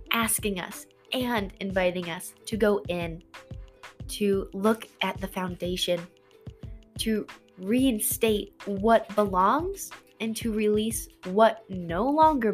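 Slow-spoken woman hosting a podcast. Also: medium pitch. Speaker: podcast host. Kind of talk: heartfelt self-help podcast talk.

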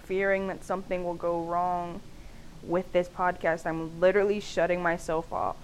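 A woman's voice: lowish voice, flat delivery, normal speed, low-quality recording. Chatty young woman with faint hiss. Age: young adult. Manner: chatty and candid, many "like" fillers, frequent laughs. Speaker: podcast host. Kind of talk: casual solo podcast monologue.

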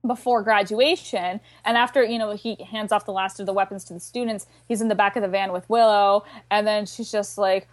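Young Canadian woman, podcast regular; eager, quick, cussing, dead-dry recording. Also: medium pitch, dry recording. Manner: enthusiastic, swears freely, fast and excitable. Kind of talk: casual chat.

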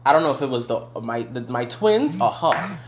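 A young man casually telling a personal story on his vlog, profane and animated. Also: medium pitch, moderate pace, background noise. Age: young adult. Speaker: vlogger.

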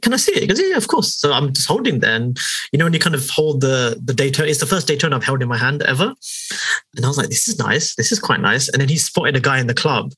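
A young man with a London accent talks fast and loose, swearing and acting out other people's voices as he tells stories. His voice is a little husky, with a middling pitch. The recording is close and dry. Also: no room sound, rough recording. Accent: London English. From England. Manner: animated, swearing, acts out voices in quotes. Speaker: podcast co-host. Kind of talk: casual storytelling chat.

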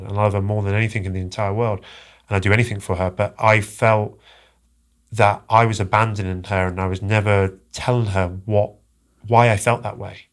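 A man telling a personal story as a podcast guest, halting and earnest, often repeating his words. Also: fairly low pitch. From England.

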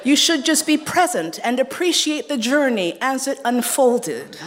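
A woman's voice: sits high, very animated, a little slow. A woman from New York City telling a true story on stage, frank and playful, swearing freely and laughing as she goes.

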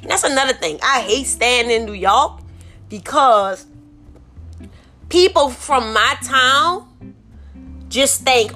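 Her voice is high-pitched, animated, pushed and bright, yet she takes it slowly with long pauses, over soft background music. She's a New Orleans podcast host with a Southern accent, ranting solo on her phone, profane and irritated, rambling and repeating "like I said."

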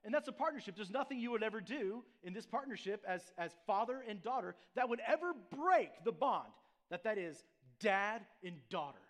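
High-voiced man preaching conversationally. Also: expressive, a little fast, fairly bright tone. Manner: conversational preaching with frequent "right?" and restarts. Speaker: pastor. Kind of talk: sermon.

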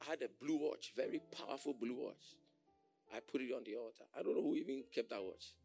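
A man preaching a sermon as pastor, animated, often shouting and laughing as he mimics others. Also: mid-range voice, fast talker, vocal fry, faint music behind.

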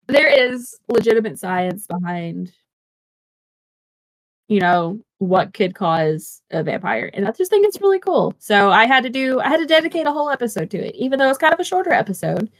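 A woman's voice: medium pitch, dry recording. A woman hosting a podcast in a chatty, casual way, with lots of fillers and restarts and frequent giggles. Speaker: podcast host.

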